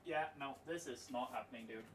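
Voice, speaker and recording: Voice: mid-range voice, a little fast, noisy background. A streamer from Sweden, chatting casually and profanely to a live audience from home. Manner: loose and profane, talks to chat and to a pet. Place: home room. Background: music.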